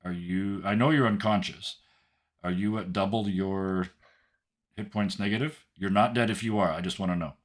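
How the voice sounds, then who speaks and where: A man's voice: low-pitched, fairly even intonation, normal speed. A man narrating a tabletop role-playing game as game master, rambling with fillers and frequent "right?".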